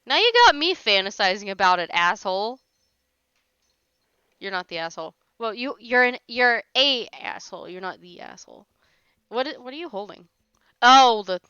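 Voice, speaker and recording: A woman's voice: on the high side, bright, forceful tone, smooth, no room sound, highs cut off. A woman hosting a casual livestream, chatting with viewers and teasing them playfully, laughing often. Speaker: livestream host.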